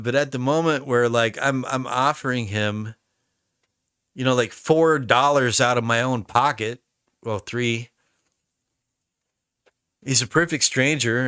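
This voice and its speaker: An American man tells meandering stories during a live stream, circling back and restarting his sentences as he goes. His voice has a bright, forward edge. The sound is dry and close, with no room around it. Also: medium pitch, unhurried, long pauses, smooth, no room sound. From United States. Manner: rambling, chatty storytelling with many restarts. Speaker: musician streaming a recording session. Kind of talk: casual live-stream chat.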